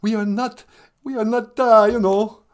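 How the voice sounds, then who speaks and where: A man's voice: steady tone, clean tone. Man putting on a cackling vampire Count. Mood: theatrical. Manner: booming, drawn-out, cackling "ah, ah" laugh. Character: theatrical old male vampire count, dramatic.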